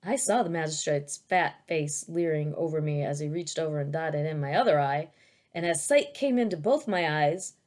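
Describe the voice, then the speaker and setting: A woman reading as a gentle young dragon. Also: low-pitched, normal speed, voice pushed down, lightly acted. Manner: earnest storybook telling. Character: young male dragon born from a painting, eager, gentle.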